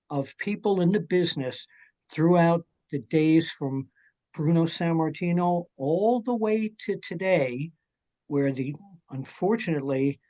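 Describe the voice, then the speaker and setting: An older man chatting as a guest, telling stories in an energetic, jokey way. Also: a little high. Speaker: guest, wrestling journalist. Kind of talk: casual chat.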